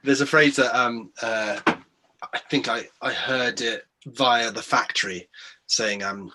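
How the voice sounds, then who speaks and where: A man's voice: medium pitch, unhurried, noisy background. A man interviewing a guest, asking questions with some hesitation. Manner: hesitant, many fillers.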